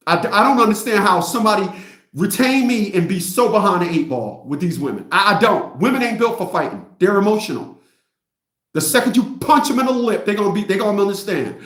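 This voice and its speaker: A middle-aged man with a high voice rants bluntly to his viewers, mocking them and circling back over the same points. The sound is roomy and echoey. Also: fairly bright tone. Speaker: host. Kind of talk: livestream rant.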